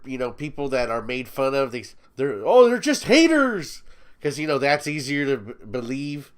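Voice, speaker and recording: A man's voice: mid-range voice, fairly bright tone. A man ranting in a commentary video, profane, mocking and sneering as he talks down to his target. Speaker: YouTube commentator.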